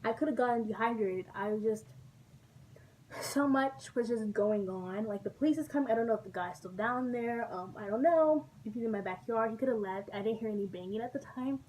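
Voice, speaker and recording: A woman from Texas telling a storytime vlog, chatty and animated, and often laughing. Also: fairly high pitch, fairly quick. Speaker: vlogger. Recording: distant mic with faint background noise.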